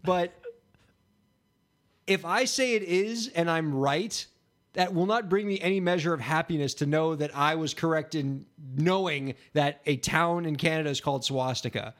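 Incredulous high-pitched podcast host. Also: male voice, moderate pace, a bit bright. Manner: incredulous, exasperated reactions. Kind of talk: comedic podcast banter.

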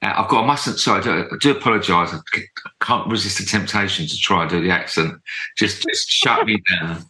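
A man's voice: sits low, fast, roomy sound, rough recording. A man hosting a podcast who asks rambling, friendly questions and often repeats himself. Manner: warm, rambling, apologetic questions with many repeated yeahs. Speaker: podcast host. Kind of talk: casual interview.

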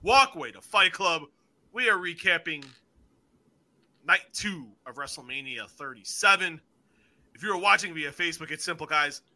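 Male podcast host, high and very lively voice, bright edge, swears and tells stories with energy. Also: moderate pace. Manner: excitable, swears freely, acts out stories. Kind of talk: casual wrestling review chat.

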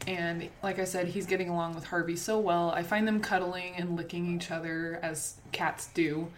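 A woman's voice: lowish voice, fairly even intonation, normal speed, slight background noise. A woman co-hosting a podcast in casual chat, bubbly and rambling, laughing often. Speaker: podcast co-host.

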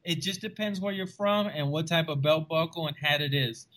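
A young man from South Texas with a Texan accent, co-hosting a casual podcast and telling lively stories with frequent laughs and restarts. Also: on the high side, normal speed. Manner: animated storyteller, laughs often, many restarts. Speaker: podcast co-host.

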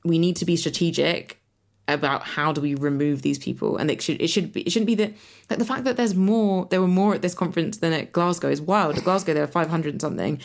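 A woman's voice: deep voice, fast talker, gravelly. A woman co-hosting a podcast, chatting casually and frankly, with plenty of "like" and "um" fillers and the odd swear word. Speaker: podcast co-host and climate activist. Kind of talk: casual chat.

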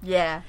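A woman casually recapping a TV episode, animatedly acting out the characters' lines and laughing often. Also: high-pitched. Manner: animated retelling with quoted dialogue and frequent laughs. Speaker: podcast co-host recapping a TV episode. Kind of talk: casual chat.

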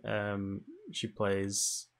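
A man's voice: fairly low pitch, monotone, very slow. A man in casual gaming chat on a stream, laid-back, swearing casually and laughing often. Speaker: streamer co-host.

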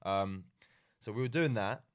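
Deep-voiced young Englishman, rambling laid-back. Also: measured pace, clean tone. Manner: rambling, frequent ums and restarts, laid-back. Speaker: podcast guest. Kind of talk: casual storytelling chat.

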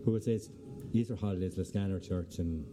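A man's voice: deep voice, fast talker, music in the background. A man with a County Clare accent, hosting a podcast in casual, joking chat. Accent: Irish, County Clare. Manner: chatty, jokey interviewer. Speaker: podcast host.

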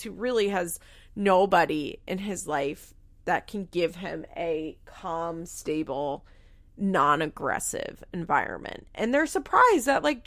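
A woman's voice: on the low side, a bit bright. A young woman giving frank, casual commentary on a reality show, swearing freely and filling her talk with "like". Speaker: reality TV recap host.

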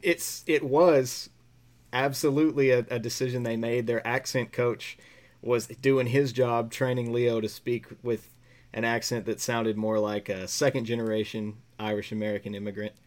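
Man, mid pitch, easygoing, explanatory, casual chat. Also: little pitch movement, moderate pace, a little mellow. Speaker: podcast co-host.

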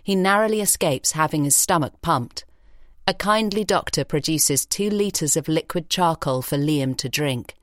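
A woman reading an audiobook story in a measured, expressive way in a recording studio. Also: sits low, dry recording. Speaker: audiobook narrator. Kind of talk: scripted narration. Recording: dry studio sound.

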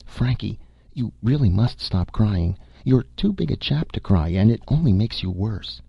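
A man reading the part of a stern, blunt woman nurse, with pointed, crisp questions. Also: lowish voice, expressive, measured pace, no room sound, muffled recording, pitched above the performer's own voice, full character voice. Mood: coaxing.

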